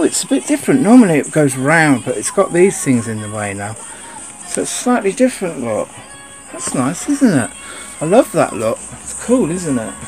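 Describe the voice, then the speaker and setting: A man giving a casual, rambling unboxing chat, grumbling and swearing at his camera. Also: medium pitch. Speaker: sneaker vlogger.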